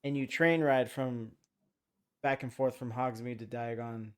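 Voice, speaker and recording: A man co-hosting a casual movie chat, relaxed and chatty, swearing now and then. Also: mid-range voice, measured pace, smooth. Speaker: podcast co-host.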